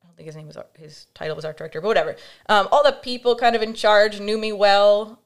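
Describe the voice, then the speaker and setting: A woman's voice: medium pitch, quick pace. Woman guest telling a candid story. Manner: animated, acts out quoted voices, frequent fillers. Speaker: podcast guest.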